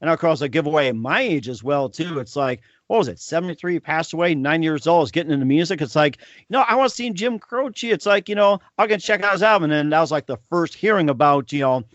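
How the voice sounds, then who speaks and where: Middle-aged talk show host, slightly higher voice, muffled dry recording. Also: male voice, expressive, a bit bright, no echo. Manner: friendly, quick affirmations, interviewer. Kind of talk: interview.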